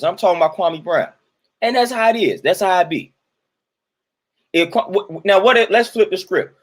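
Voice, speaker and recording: A man, commenting in a casual monologue and preaching his point through repetition. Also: sits high.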